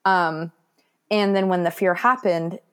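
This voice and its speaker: Young woman, slightly low voice, earnest, reflective, candid interview, filler-heavy. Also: fairly even intonation, measured pace, clear, resonant tone. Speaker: guest sharing her foster care story.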